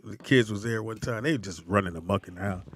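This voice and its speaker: A man hosting a casual chat, telling a backstage story and acting out the quotes with big jumps in pitch. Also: quick pace, no room sound, clean studio sound. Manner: animated, acts out quotes with sudden jumps in pitch. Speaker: host.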